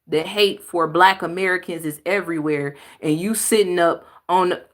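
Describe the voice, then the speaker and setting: A woman's voice: on the low side, moderate pace. A woman hosting a reaction video, giving blunt, emphatic commentary on clips with sighs and exclamations.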